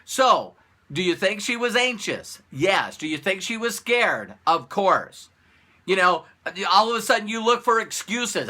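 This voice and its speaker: A man giving a casual motivational talk to camera as a business coach, animated and repeating phrases and rhetorical questions. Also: sits high, measured pace.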